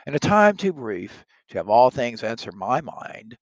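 A man's voice: medium pitch, big pitch swings, a little slow, no echo, muffled recording, voice pushed up. A man reading a lovestruck young nobleman. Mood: earnest.

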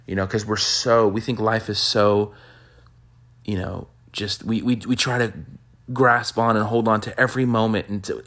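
A man preaching a sermon, telling a story with animated quoted bursts and soft hushed reflective asides. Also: normal speed. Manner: animated storyteller, acts out quotes with sudden high-pitched bursts. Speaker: pastor.

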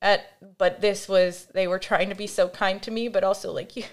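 A woman's voice: medium pitch, normal speed. A young adult woman speaks as a podcast guest, recounting a personal experience frankly. She talks casually, with lots of "like" and "you know", and briefly acts out the voices of people in her story. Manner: animated, acts out quoted voices, frequent fillers. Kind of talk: candid conversational storytelling.

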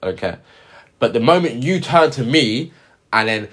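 A podcast co-host, he speaks with a medium pitch and moderate pace. His casual chat is full of animated storytelling and plenty of slang.

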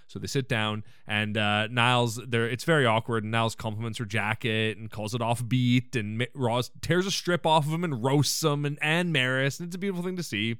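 Lively joking man hosting a podcast. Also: medium pitch, brisk, hardly any pauses, clean tone, dry recording, clean studio sound. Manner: animated, joking, swears casually, laughs. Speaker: podcast host. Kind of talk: casual episode recap.

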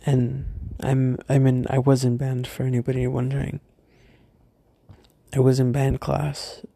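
Halting young man with a gravelly voice. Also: medium pitch, completely flat delivery, dark tone, no room sound. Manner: hesitant, halting, with restarts and pauses. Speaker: storyteller. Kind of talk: personal storytime vlog.

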